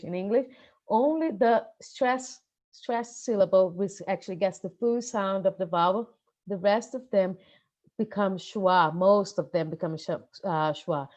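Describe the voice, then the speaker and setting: A woman with a Brazilian Portuguese accent, a native Portuguese speaker, teaching English pronunciation to teachers and slowing down to model sounds. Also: medium pitch, darkish tone. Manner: explanatory, modelling sounds slowly for learners. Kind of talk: online lesson for teachers.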